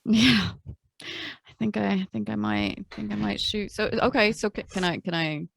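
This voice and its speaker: A woman's voice: medium pitch, very animated, moderate pace, gravelly, no echo. A woman playing a tabletop game, chatting in a joking, hesitant way. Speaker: player. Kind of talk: casual game chat.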